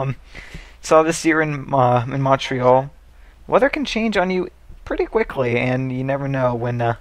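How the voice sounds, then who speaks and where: A man's voice: medium pitch, dry recording. A young man giving casual, rambling commentary over a racing video game, joking and swearing as he goes. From United States.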